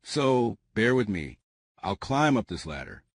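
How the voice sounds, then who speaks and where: A low-voiced man leads an eager walkthrough of a big house and speaks to his viewers as family. His pitch rises and falls a lot as he points things out. The sound is close and dry. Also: big pitch swings, unhurried, creaky, no room sound. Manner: enthusiastic, addresses viewers as family. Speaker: home tour host. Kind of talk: enthusiastic real estate walkthrough. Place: inside a large house.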